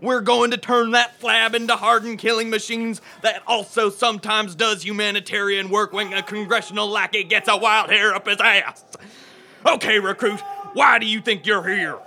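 An actor playing a foul-mouthed drill sergeant who barks insults at recruits in a comedy sketch. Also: male voice, sits high, steady tone, slight background noise, full character voice. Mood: barking. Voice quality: gravelly, barking shouts. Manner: insulting, rapid-fire tirades.

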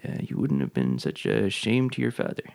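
A deadpan public radio host, played by a man, with a low, gravelly voice, recorded close and completely dry. He asks odd, needling questions in a calm, measured tone. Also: no echo, heavily acted. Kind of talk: mock public radio interview.

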